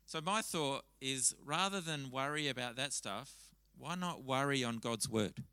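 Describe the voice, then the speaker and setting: A man delivers a sermon to a church congregation in a bright, forceful voice. He speaks conversationally and tells stories with animated restarts. The sound is dry and close. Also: medium pitch, measured pace, smooth, dry recording, poor audio. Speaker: pastor. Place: church service.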